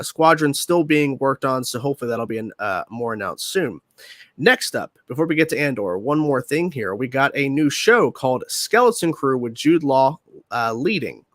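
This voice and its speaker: A man's voice: medium pitch, fairly bright tone, no room sound. Chatty man running through pop culture news. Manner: chatty, runs through news items quickly. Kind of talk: casual news chat.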